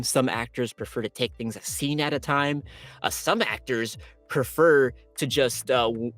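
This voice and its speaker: A man, a voice actor, telling his stories as a guest in an interview, excitable and quoting himself with big jumps in pitch. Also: no room sound. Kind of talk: animated storytelling in an interview.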